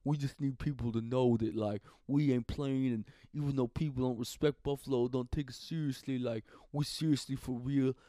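A man imitating a male gangster rapper, talking slowly and earnestly in street slang. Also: mid-range voice, fairly even intonation, dark tone, no room sound, pitched below the performer's own voice, close to an everyday voice.

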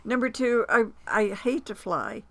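A woman's voice: a little high, lively intonation, unhurried, a bit bright, dry recording. A woman being interviewed as an author and producer, telling personal stories in a reflective way with small hesitations and quoted dialogue. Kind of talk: conversational storytelling.

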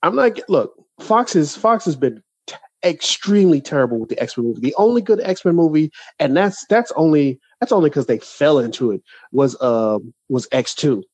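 Animated ranting podcast man. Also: a little high, moderate pace, husky, no echo. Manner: animated, ranting, many restarts. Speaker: podcast co-host. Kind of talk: casual chat.

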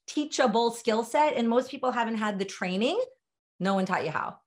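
A middle-aged woman runs a webinar on writing sales messages. She talks directly and with emphasis, in a plain conversational way, and her voice sits at an ordinary middle pitch for a woman. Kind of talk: webinar training talk.

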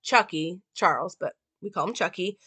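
A woman's voice: lowish voice, moderate pace, pushed and bright, slightly rough, no echo. A woman giving a casual analysis and plot recap of a film, talking loosely with many "like" and "um" fillers.

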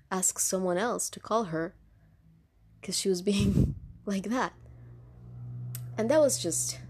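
A woman's voice: on the low side, darkish tone. A woman with a non-US accent casually telling stories about her job taking insurance calls, chatty and laughing often, with many fillers and restarts. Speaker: insurance call agent telling work stories. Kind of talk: casual storytelling vlog.

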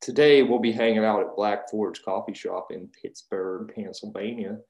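A man hosts a podcast with an energetic, jokey hype-man delivery. His voice sits a bit low. The sound is roomy and echoey, coming over a video call. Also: moderate pace. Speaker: podcast host. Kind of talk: upbeat podcast intro and promo chat. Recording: roomy echo.

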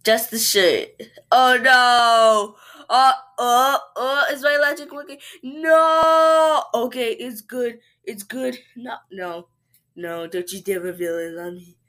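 A woman hosting a casual podcast chat, giggly and playful, often breaking into squeals and shouts. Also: mid-range voice, normal speed. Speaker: podcast host.

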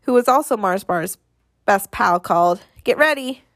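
A woman narrating a novel as an expressive audiobook reader who acts out the dialogue. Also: medium pitch, moderate pace, no echo, studio quality. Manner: expressive storytelling, acting out the dialogue. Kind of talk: scripted narration.

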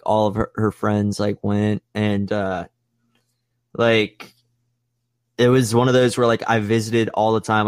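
A man in his twenties chats casually on his podcast, rambling and swearing with lots of filler words. His voice is lowish, captured with studio quality and no echo.

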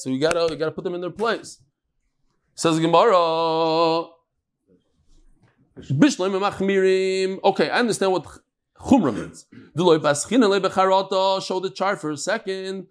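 A male teacher working through a text with his class, his voice sitting a little high for a man. He drives his points home with rhetorical questions and repeated phrases, talking as much as reading. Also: normal speed, long pauses. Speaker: religious studies teacher. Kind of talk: classroom text-study lecture.

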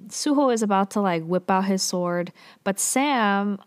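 A woman's voice: medium pitch, unhurried, clear, resonant tone. A woman casually recapping a drama episode, chatty and loose, full of fillers and playful asides.

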